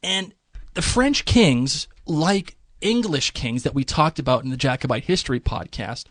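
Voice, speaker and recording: A man co-hosting a podcast talks through history in a relaxed, joking manner. His voice sits a bit high for a man. The sound is dry and close, with no room around it. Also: a little slow, no room sound. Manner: chatty, lively, slips into mock voices for laughs. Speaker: podcast co-host. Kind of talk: casual history explainer.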